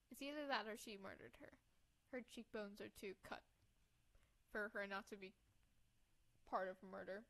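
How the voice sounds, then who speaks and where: A woman's voice: mid-range voice, normal speed, pauses often, a bit bright. A woman giving casual, wry, blunt commentary while playing a video game. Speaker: let's play gamer.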